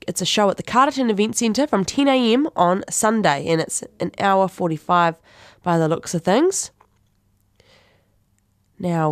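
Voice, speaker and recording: A woman's voice: mid-range voice, no echo, clean studio sound. A woman with a New Zealand accent hosting a community radio show, chatting casually through local events with plenty of fillers and self-corrections. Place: radio studio.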